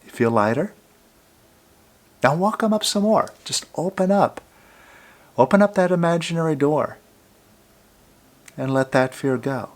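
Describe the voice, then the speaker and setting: A man giving a calm self-help talk, coaching the listener directly and sometimes dropping to a soft, hushed voice. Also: fairly high pitch, unhurried, pauses often. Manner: drops to a soft near-whisper on "I love you, fear".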